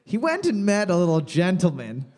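A man's voice: sits high, wildly swooping pitch, normal speed, a little mellow. A man hosting a casual trivia game, reading questions and cracking crude jokes. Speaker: trivia host.

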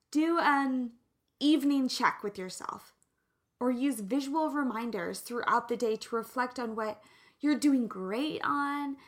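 A woman giving casual motivational advice in a playful, emphatic way with jokey asides. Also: on the high side.

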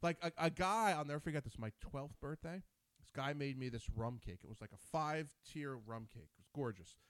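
Male talk-show host, New Jersey native, rapid lively storyteller, dry close sound. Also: on the high side, clean tone, dry recording. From New Jersey, USA. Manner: animated storyteller, quick and rambling. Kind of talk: casual chat.

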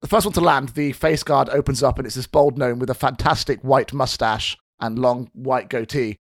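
A man narrating a tabletop game as game master in a steady, descriptive way. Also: medium pitch, normal speed, few pauses, no room sound, clean studio sound.

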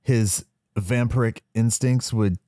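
A man's voice: medium pitch, fairly even intonation, slow, dark tone, no echo, clean studio sound. A man co-hosting a podcast who speculates about the show in a loose, rambling way full of fillers. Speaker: podcast co-host. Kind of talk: casual episode recap chat.

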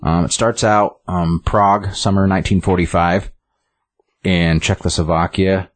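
Male comic reviewer, deep, dry close sound, rambling casual chat. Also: steady tone, unhurried, no echo. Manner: rambling, full of likes and ums.

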